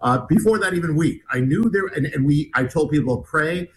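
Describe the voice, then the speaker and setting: Animated, rambling male storyteller. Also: on the high side, a little fast, noisy background. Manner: animated, rambling retelling with many restarts. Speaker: guest author. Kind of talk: casual interview storytelling.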